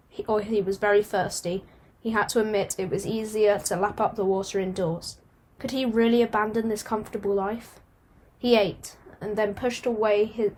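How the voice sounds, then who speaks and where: A woman reading a storybook aloud at a steady pace, now and then stumbling and starting a phrase again. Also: mid-range voice, slight background noise. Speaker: audiobook reader.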